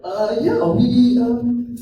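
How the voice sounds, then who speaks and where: A sheepish corporate spokesman hems and haws through his answer, as a comedian puts him on. The voice is high yet mellow. It comes from far off in a heavily echoing space. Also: lively intonation, drawn-out words, lo-fi sound, slight background noise, exaggerated voice. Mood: awkward. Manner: hesitant, stalling with fillers. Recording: very echoey room from far off.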